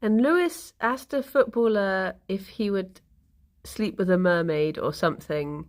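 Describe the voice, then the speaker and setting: Slow, sleepy woman streamer. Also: mid-range voice, darkish tone. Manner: rambling, giggly, sleepy storytelling. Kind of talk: relaxed casual stream chat, reading chat.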